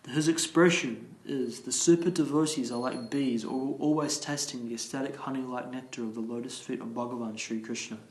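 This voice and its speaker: A man leading a morning class, reading scripture aloud slowly and carefully and explaining it, restarting some verse words. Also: medium pitch, fairly even intonation, a little mellow. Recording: roomy echo.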